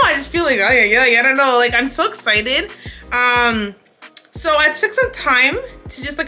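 A young woman from Canada answers viewer questions in a loose, animated vlog chat, laughing often. Her voice is bright and sits a little high. Faint music plays underneath. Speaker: vlogger.

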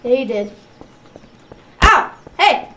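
Giggly high-voiced woman gamer, distant mic. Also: very animated, slow, pushed and bright. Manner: giggly, teasing, playful. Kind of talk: casual gameplay chatter. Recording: distant mic with clear background noise.

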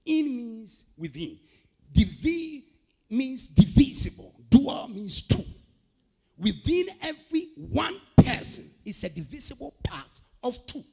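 High, gravelly fervent male preacher. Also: sing-song, slow pace, mellow. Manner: fervent chanted declarations; repetitive rhythmic preaching. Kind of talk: sermon.

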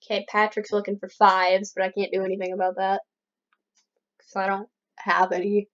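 A woman's voice: mid-range voice, flat delivery, moderate pace, long pauses, fairly bright tone. A young woman giving casual gameplay commentary as a let's play host, chatty and playfully mock-outraged at her opponents. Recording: slightly dull lo-fi recording.

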